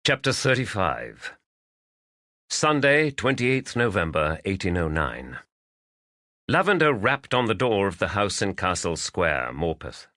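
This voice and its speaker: A man narrating a mystery audiobook in a measured, expressive reading. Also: sits low, no echo, clean studio sound.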